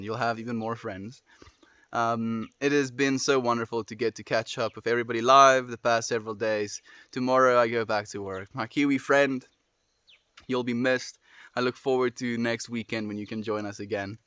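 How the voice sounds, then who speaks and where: A man with a South African accent, chatting casually and gently with viewers on a livestream, often trailing off softly at the ends of phrases. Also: mid-range voice, fairly even intonation, normal speed, clean tone, no echo. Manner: gentle, affirming, soft trailing endings.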